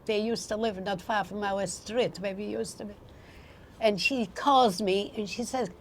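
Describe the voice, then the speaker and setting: An older woman recounting memories in a halting way, acting out the voices in her story. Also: mid-range voice, fairly even intonation, slight background noise. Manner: halting, acts out quoted dialogue. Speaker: interviewee. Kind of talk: personal recollection.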